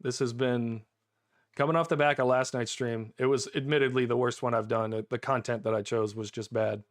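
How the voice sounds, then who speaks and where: An American man streaming a game live, excitable and chatty, repeating himself and laughing often. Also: medium pitch, moderate pace.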